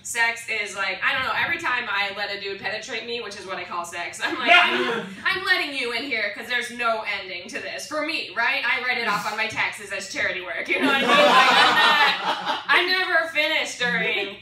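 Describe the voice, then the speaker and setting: A woman's voice: a little high, expressive, fairly quick, roomy sound, distant mic, a loud crowd. A woman doing a stand-up set, brash and laughing at her own jokes. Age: 20s. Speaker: stand-up comedian. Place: comedy club stage. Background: audience laughter.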